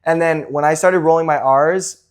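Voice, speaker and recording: A man's voice: a little high, moderate pace. A young man who grew up in Mexico, hosting a casual podcast chat, chatty and full of fillers, laughing easily. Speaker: podcast host.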